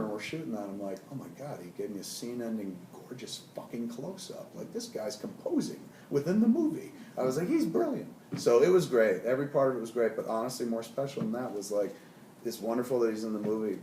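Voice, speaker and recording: A man in his forties, a film director, animated and profane, telling stories from a film set in an interview and quoting people in put-on voices. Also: fairly low pitch. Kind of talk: interview storytelling. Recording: roomy, from far off, faint noise.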